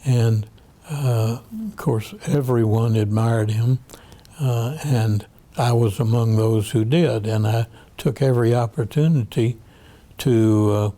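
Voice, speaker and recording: An older man, a federal appeals judge, telling an oral history in a measured, halting way with frequent pauses. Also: mid-range voice, dark tone.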